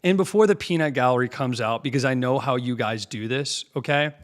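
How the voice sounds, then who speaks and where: A young man hosting a political commentary show, combative and mocking, pausing to mimic clips he plays. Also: medium pitch.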